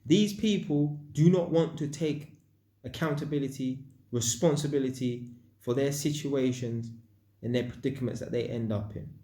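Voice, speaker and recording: A man's voice: medium pitch, normal speed, mellow, echoey room. A man vlogging, telling a personal story in casual slang and acting out sound effects. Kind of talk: storytelling monologue.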